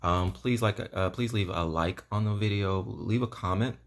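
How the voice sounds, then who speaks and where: A man's voice: on the low side, normal speed. A man talking casually to camera in a vlog, rambling earnestly with lots of ums and you-knows. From United States. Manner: earnest and enthusiastic. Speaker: vlogger.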